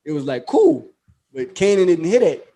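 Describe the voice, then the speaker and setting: A man's voice: high voice, moderate pace. A man co-hosting a casual podcast, retelling a show's plot in a slangy, profane way and acting out the characters' lines. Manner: animated storytelling, acts out quoted dialogue. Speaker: podcast co-host.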